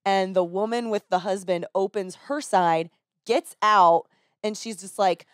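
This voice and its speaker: A woman telling a story in a casual podcast chat, animated and swearing casually, slipping into other people's voices with a higher pitch. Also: measured pace, no room sound, clean studio sound. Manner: animated, acts out people in her stories with raised pitch. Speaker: podcast talker and rideshare driver. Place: podcast studio.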